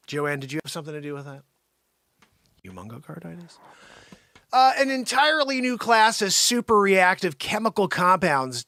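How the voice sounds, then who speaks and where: High, lively man riffing comically. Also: dry recording, studio quality. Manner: rambling, jokey, bursts into shouts. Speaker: comedic commentator. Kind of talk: improvised comedic riffing.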